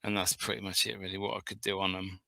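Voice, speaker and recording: A man's voice: low voice, level tone, fast, vocal fry, bright, forceful tone, no echo. A man co-hosting a podcast, chatting casually and jokily, laughing often and swearing freely. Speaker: podcast co-host. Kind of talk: casual chat.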